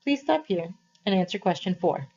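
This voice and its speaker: Woman teacher, novel read-aloud for students, measured and expressive, dull lo-fi sound. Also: medium pitch, slightly rough. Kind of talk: reading a novel aloud to a class. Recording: slightly muffled, dull recording.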